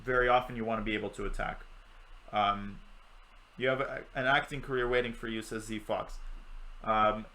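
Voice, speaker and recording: A man's voice: on the low side, steady tone, moderate pace, pauses often, bright, forceful tone, poor audio. A young man giving live chess commentary on a stream, chatty and joking with his chat while he teaches.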